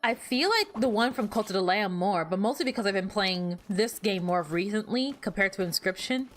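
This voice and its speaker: A woman streaming a game, chatting casually with viewers in an animated, easily flustered way. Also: medium pitch, moderate pace, slight background noise. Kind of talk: casual gameplay commentary to chat.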